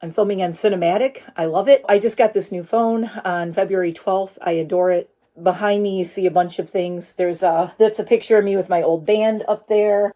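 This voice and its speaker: A woman's voice: mid-range voice, warm tone. A middle-aged woman vlogging from her home studio office, chatting earnestly to her phone camera and turning tender at times. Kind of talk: casual chat to camera.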